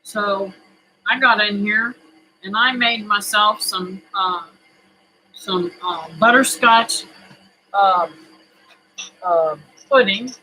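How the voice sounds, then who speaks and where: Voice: medium pitch, takes it slowly, pauses often, pushed and bright, slight background noise, low-quality recording. A homesteading vlogger chatting casually to camera in a home kitchen, folksy and rambling, with many fillers.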